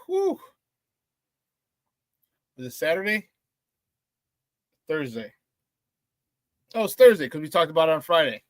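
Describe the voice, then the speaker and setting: A man hosting a casual morning sports radio show, talking with energetic, slangy hype. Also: fairly high pitch, unhurried, long pauses, no echo, studio quality.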